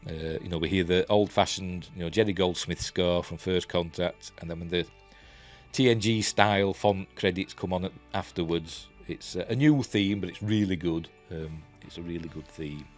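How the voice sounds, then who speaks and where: A man's voice: deep voice, normal speed, soft background music. A man with a Yorkshire accent giving a rambling, enthusiastic casual review, full of ums and restarts. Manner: rambling, filler-heavy, enthusiastic. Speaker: TV review vlogger.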